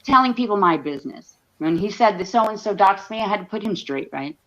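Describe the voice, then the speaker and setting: A woman hosts a heated livestream, her voice pitched in the middle range. She fires off angry, profane bursts full of restarts. The stream audio sounds dull and lo-fi. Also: expressive, a little fast, a bit bright. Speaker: livestream host.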